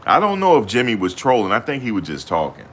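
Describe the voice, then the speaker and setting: A man's voice: on the low side, huge pitch swings, quick pace, fairly bright tone, slight background noise. A young man chatting casually to camera in loose, slangy banter, often laughing. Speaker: vlogger.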